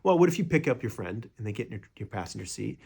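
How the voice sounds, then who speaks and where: A man's voice: on the low side, sing-song, quick pace, creaky, darkish tone, breathy edge. A young man teaching meditation in a casual, rambling way, with many fillers and restarts, sometimes acting out what a friend might say.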